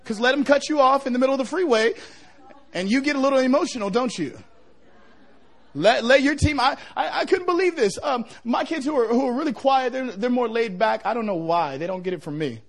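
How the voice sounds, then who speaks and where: A middle-aged male pastor preaching a revival sermon, joking with the crowd and building to shouts. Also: very high-pitched, expressive, brisk.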